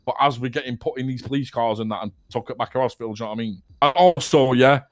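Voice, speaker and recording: Young man, casual rambling story, laughs often, mid pitch, dry close sound. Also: quick pace, dry recording. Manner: rambling, swears a lot, keeps laughing at his own story. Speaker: roleplay player telling a story.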